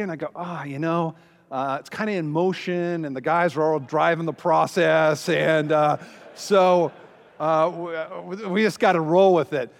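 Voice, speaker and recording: A man's voice: fairly high pitch, steady tone, unhurried, vocal fry, long reverb tail. A man speaking as a pastor, telling a story with self-deprecating humor and many fillers. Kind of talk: humorous teaching talk.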